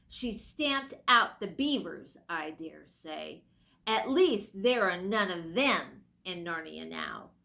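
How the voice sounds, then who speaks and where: A woman's voice: mid-range voice, creaky, sharp tone, exaggerated voice. A woman voicing a bitter, angry male dwarf who speaks coldly and snaps. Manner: cold, snapping, slow and heated.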